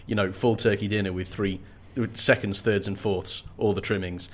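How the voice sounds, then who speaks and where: A man's voice: lowish voice, moderate pace. A man co-hosting a casual chat, joking and breaking into comic voices as he talks. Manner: animated, jokey, slips into comic voices. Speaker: podcast co-host.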